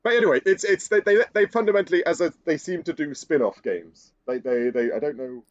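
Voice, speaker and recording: A man's voice: fairly high pitch, a little fast, no room sound, muffled recording. A man co-hosting a podcast in casual chat, often restarting his sentences and laughing. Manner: hesitant, many restarts and laughs. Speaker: podcast co-host.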